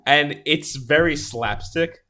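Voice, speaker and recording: A man co-hosting a podcast, chatting casually about a movie, animated and often restarting his sentences. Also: on the high side, slow pace. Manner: animated, restarts often, acts out quoted lines. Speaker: podcast co-host.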